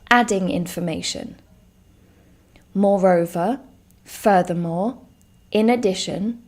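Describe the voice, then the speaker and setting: A woman teaching a live online English lesson, speaking clearly and stressing each example word. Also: mid-range voice, mellow. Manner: slow, clear and emphatic, stresses example words.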